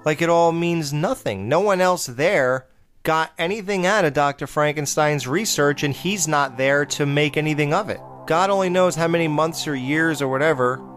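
A man's voice: fairly high pitch, moderate pace, fairly bright tone, soft background music. A man in a casual horror-film review monologue, blunt and profane, exclaiming and mocking the characters. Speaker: podcast host reviewing horror films.

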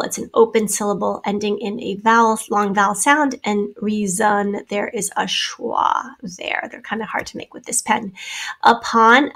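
A woman teacher reading spelling words and sentences slowly, then going over the answers syllable by syllable. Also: medium pitch, fairly bright tone, rough recording. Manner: slow, clearly enunciated dictation. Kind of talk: spelling test and answer review.

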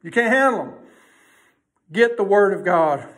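A man preaching a sermon in a folksy way, emphatic and swinging between loud and hushed delivery. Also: sits high, lively intonation, unhurried.

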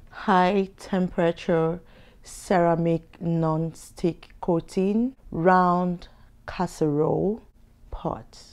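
A woman's voice: fairly low pitch, gravelly, noisy background. A young woman vlogger unboxing gifts, exclaiming and gasping over each one. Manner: gushing, lots of exclamations and gasps. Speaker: lifestyle vlogger. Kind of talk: excited unboxing vlog.

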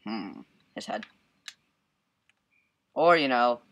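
A man giving casual gameplay commentary as he plays, excitable, yelping and laughing at the action and humming to himself. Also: medium pitch, unhurried. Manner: excitable, bursts into yelps and laughs, hums to himself. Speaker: let's play gamer.

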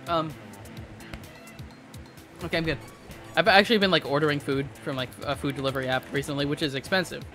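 A man's voice: fairly high pitch, fairly even intonation, fairly quick, long pauses, pushed and bright. Chatty young man streaming a game. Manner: chatty, rambling, stammering restarts. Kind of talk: casual gameplay commentary. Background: game music.

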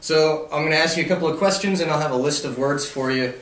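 A man's voice: on the high side, quick pace, a bit bright, a little hiss or hum. Friendly man asking questions, echoey. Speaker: interviewer. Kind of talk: casual interview. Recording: echoey room, far from mic.

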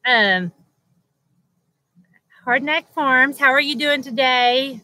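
A woman hosts a relaxed livestream, chatting and calling out viewers by name. Her voice sits a little high with a bright, crisp edge, and she takes her time. The sound is dry and close. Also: slow pace, long pauses, dry recording, poor audio. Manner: chatty, greets viewers by name, laughs often. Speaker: livestream host. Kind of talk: casual livestream chat. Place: at home beside a loud air conditioner.

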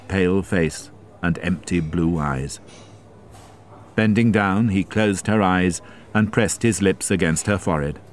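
Deep slow guy reading a story aloud for english learners, measured and careful. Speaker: narrator. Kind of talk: graded reader narration.

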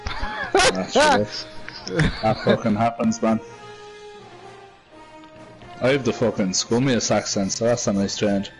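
Dude cussing away on voice chat, low voice, bit of music under it. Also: male voice, sing-song, slow pace, pauses often. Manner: swears constantly, laid-back. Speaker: gamer. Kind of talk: casual gaming voice chat.

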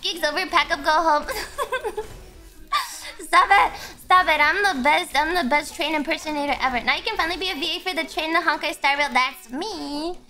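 A woman's voice: high-pitched, brisk, sharp tone, soft background music. A woman streamer chatting casually on a live stream, giggly and self-mocking, often bursting into squeals.

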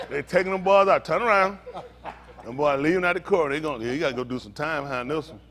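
A man, a pastor telling lively, laughing stories in a sermon, full of slang. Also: on the high side, brisk. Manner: animated, laughing storytelling with Southern slang. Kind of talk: storytelling sermon.

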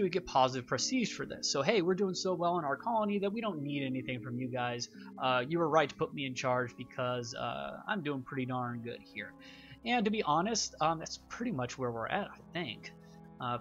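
A man's voice: medium pitch, a bit bright, lo-fi sound. A young man hosting a gaming channel, giving casual, rambling game commentary with many fillers.

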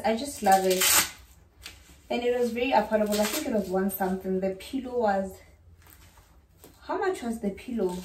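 A woman's voice: mid-range voice, darkish tone, distant mic, a little hiss or hum. A young South African woman vlogging casually at home, chatting to her viewers and calling them guys. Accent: South African English. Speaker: lifestyle vlogger. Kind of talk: casual chat to camera. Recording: echoey room, voice off-mic.

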